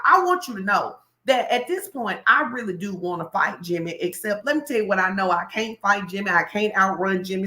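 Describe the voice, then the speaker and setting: A woman pastor giving a lively, colloquial sermon-style talk, speaking straight to her listeners. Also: mid-range voice, roomy sound. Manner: animated, colloquial, addresses the crowd directly.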